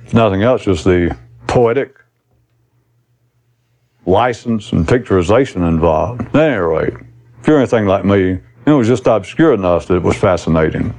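Animated blunt-talking man teaching. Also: low voice, normal speed, pauses often. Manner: rambling, blunt, swears casually. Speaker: spiritual teacher. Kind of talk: recorded spiritual talk to a live audience.

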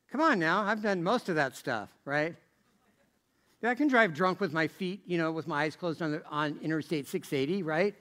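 A middle-aged man gives a sermon in a high, light voice. His delivery is chatty rather than formal, full of rhetorical questions and repeated restarts. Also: pushed and bright. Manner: rhetorical, keeps asking "right?", restarts and repeats phrases. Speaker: preacher. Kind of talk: conversational sermon.

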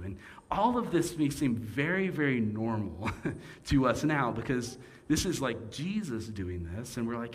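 A man's voice: medium pitch, animated, normal speed. A man preaching a sermon with playful, jokey asides and shifting emphasis.

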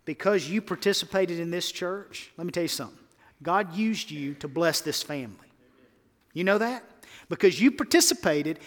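A man preaching a sermon as pastor, emphatic, swinging between loud exhortation and quiet earnest tones. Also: high voice, expressive, moderate pace, in a large hall.

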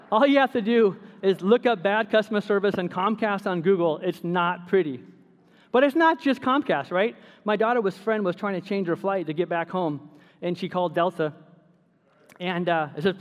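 Male pastor, lively storyteller, fairly high voice, reverberant sanctuary. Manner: storytelling, animated, laughs at his own stories. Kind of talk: sermon.

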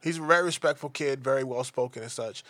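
A man co-hosting a casual podcast. He rants bluntly and mockingly and swears freely. His voice is at a middle pitch, and it sounds close and dry. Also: fast talker, a bit bright, no echo. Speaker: podcast co-host.

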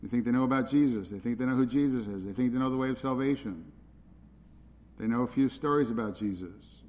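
A man's voice: medium pitch, brisk, darkish tone. A man preaching an expository sermon, earnest and repeating his points for emphasis. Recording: long reverb of a large hall.

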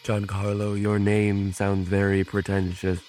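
A man voicing a young wizard character in a tabletop game, speaking slowly and formally. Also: fairly low pitch, monotone, darkish tone, slight background noise, close to an everyday voice. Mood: courtly. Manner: slow, formal, commanding. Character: solemn young male wizard speaking to animals.

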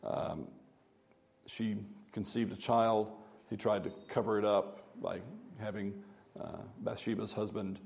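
A man giving a Bible teaching in a halting way with many fillers, reading scripture aloud with more emphasis. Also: on the low side, fairly even intonation, gravelly, darkish tone.

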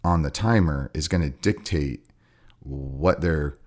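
Casting: a man with a Southern accent and a very low voice, who chats casually as a podcast co-host about coaching and sometimes breaks into a mock sideline yell. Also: takes it slowly. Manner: acts out coaches yelling from the sidelines.

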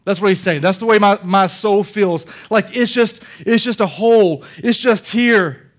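A high-pitched man delivers a sermon from the pulpit. He explains scripture in a conversational way, then swells into loud, animated passion as he drives his points home. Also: unhurried. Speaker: pastor.

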